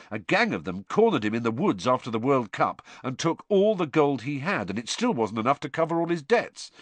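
A man's voice: a little high, no room sound, pitched above the performer's own voice. A man voicing a cheeky teenage boy prankster with a wry, breezy manner.

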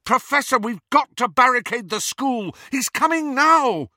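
A man's voice: high voice, very animated, moderate pace, sharp tone, no echo, studio quality, pitched above the performer's own voice, heavily acted. A man playing an urgent teenage boy wizard. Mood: alarmed.

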